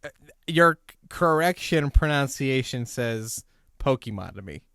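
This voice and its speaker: A man from Ohio chatting on a podcast in a joking, sarcastic way. His voice is smooth and resonant, recorded dry and close. He sits at a middling pitch for a man. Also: expressive, unhurried, a bit bright, no room sound. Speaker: podcast co-host. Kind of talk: casual chat.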